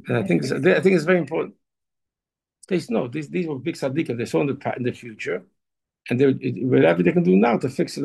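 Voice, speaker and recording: A man gives an informal Torah talk in a gravelly, husky voice that sits a little high. He stumbles and repeats words, then drives his points home with emphatic urging. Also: darkish tone. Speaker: Torah teacher.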